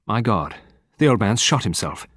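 A man voicing a blunt, flustered young man who speaks in a brisk, offhand, clipped way. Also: medium pitch, animated, no echo, studio quality, pitched above the performer's own voice, lightly acted.

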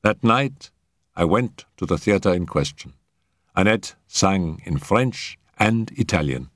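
A man with a very deep voice narrates a first-person story, and his pitch rises and falls in a lively way. The delivery is expressive and varied. The recording is close and dry. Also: measured pace, no echo. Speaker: audiobook narrator.

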